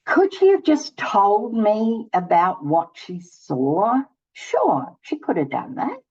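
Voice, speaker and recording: This older channel host tells a personal story informally, taking on both roles in every dialogue. Her medium-pitched voice is slow, a touch mellow and slightly rough, swings widely in pitch, and the audio sounds dull.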